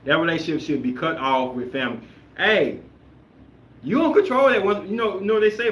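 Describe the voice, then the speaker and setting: Guy hosting a chat show, bright forceful voice, kinda highish, rambles, roomy echo. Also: a little fast, a little hiss or hum. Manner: animated, emphatic, rambling. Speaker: podcast host. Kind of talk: casual chat reacting to viewer comments. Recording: roomy echoey room.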